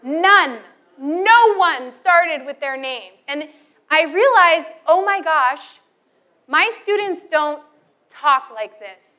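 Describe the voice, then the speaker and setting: Woman teacher, high bright voice, lively storyteller acting out her classroom anecdotes. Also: slow pace. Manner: animated storytelling, acts out students and calls. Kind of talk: teacher training talk.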